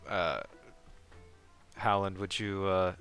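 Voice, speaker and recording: A man playing a tabletop game, speaking in character in a slow, measured way with many fillers. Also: low-pitched, fairly even intonation, a bit bright, soft background music. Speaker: player.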